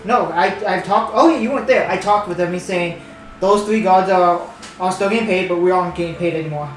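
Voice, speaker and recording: A man's voice: sits high, brisk, noisy background. A man playing a tabletop game, eagerly working out plans aloud. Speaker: player. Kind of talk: tabletop game play, casual. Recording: echoey room, distant mic, music.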